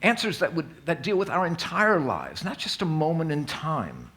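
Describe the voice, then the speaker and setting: This Alpha course leader speaks on the high side, bright and forceful, very animated yet moderately paced. He's giving an informal church talk in a church hall, folksy and self-mocking, often restarting what he's saying.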